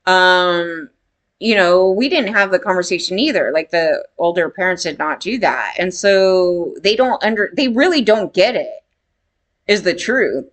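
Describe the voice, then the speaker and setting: Woman, slightly low pitch, casual opinion vlog, blunt, rambling, swears. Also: measured pace. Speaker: commentator.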